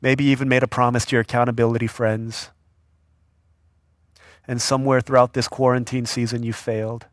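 A man's voice: mid-range voice, fairly quick, pauses often, no room sound, studio quality. Slangy storytelling preacher man. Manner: animated storyteller acting out voices. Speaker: youth pastor. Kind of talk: sermon.

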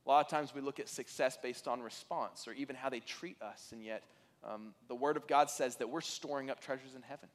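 A man's voice: mid-range voice, a little fast. A man preaching a sermon as pastor, earnest and conversational, with occasional fillers and restarts. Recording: reverberant hall.

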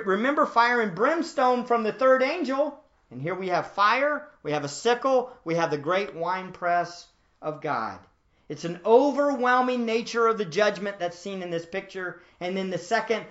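A man's voice: high voice, bright, forceful tone, dull audio. A man preaching a verse-by-verse Bible teaching in a conversational way, often asking his listeners questions. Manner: conversational, asks the audience questions. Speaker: pastor.

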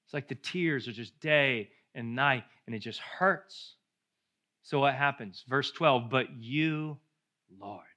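A middle-aged male pastor preaching a sermon, moving from hushed, intimate passages to loud, slow, emphatic declarations. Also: mid-range voice.

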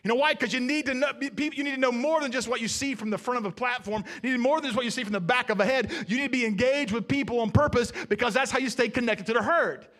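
A man's voice: very high-pitched, fast, hardly any pauses, fairly bright tone. A man preaching a sermon as pastor, talking conversationally and asking the congregation questions.

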